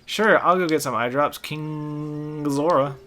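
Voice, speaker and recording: A man's voice: on the high side, a little slow, fairly bright tone. A man giving casual gameplay commentary with a co-host, joking, swearing freely and laughing often. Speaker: co-host, playing the game.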